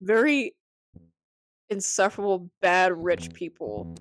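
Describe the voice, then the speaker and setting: A woman's voice: on the low side, slow pace. A woman co-hosting a casual podcast, retelling scenes with lots of laughter and playful put-on voices. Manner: animated storyteller, laughs often, acts out quotes. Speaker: podcast co-host. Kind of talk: casual chat. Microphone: cheap desk mic.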